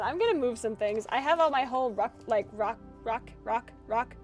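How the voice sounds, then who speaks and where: A woman's voice: fairly high pitch, moderate pace, hardly any pauses, faint music behind. A woman streamer giving chatty, casual gaming commentary, giggling often and swearing casually.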